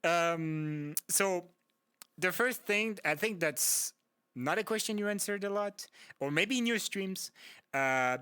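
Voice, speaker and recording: A man's voice: high voice, animated, slow pace, sharp tone, smooth. A man hosting a casual interview, enthusiastic and encouraging, often laughing along. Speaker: interviewer host.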